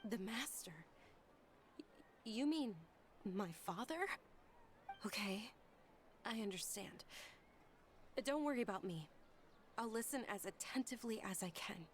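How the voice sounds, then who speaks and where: An actress voicing a kind, gentle young noblewoman in a video game, speaking softly and politely. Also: medium pitch, lively intonation, measured pace, pauses often, slight background noise, natural voice. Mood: worried.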